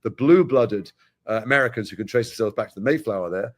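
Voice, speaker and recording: Fast-talking middle-aged British actor. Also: male voice, medium pitch. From Britain. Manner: animated storyteller, quick with asides. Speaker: actor guest. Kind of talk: casual interview chat.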